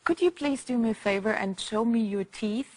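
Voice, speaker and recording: A woman's voice: on the high side, normal speed, a little mellow. A woman whose first language is German, hosting a TV studio interview, upbeat and switching between German and English. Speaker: TV show host.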